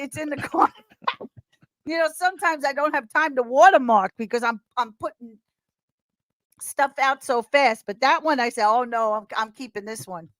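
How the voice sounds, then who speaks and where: High-voiced chatty woman, very dry sound. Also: dry recording. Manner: animated, rambling, laughs often. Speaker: podcast guest. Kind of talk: casual chat.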